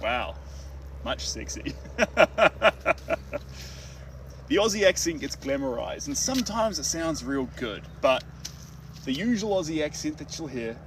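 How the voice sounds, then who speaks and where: A man's voice: fairly high pitch, animated, normal speed. A man with a New Zealand accent, chatting jokily with viewers while painting outdoors. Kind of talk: casual livestream chat. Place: outdoors in the wild. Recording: distant mic with outdoor noise.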